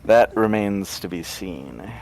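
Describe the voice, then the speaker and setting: A man voicing a guarded, dry bearded male adventurer who speaks slowly. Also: low voice, lively intonation, a little mellow, low-quality recording.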